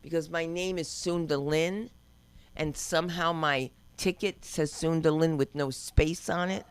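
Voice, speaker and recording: A woman's voice: low-pitched, fairly even intonation, a little slow, clean tone, no room sound. An older woman doing open-mic stand-up, telling brash, rambling stories and acting out quotes. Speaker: stand-up comedian. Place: comedy club stage.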